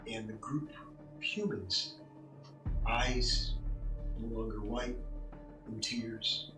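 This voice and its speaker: Unhurried male game master, far from the mic, background music. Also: mid-range voice, steady tone. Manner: slow, halting narration with pauses. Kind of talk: narrating a tabletop game. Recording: echoey room, mic at a distance, music behind.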